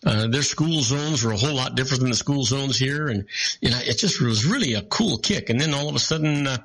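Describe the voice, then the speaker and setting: A man from California telling stories in casual radio talk show chat, animated and laughing often. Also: medium pitch, fairly quick, rough recording.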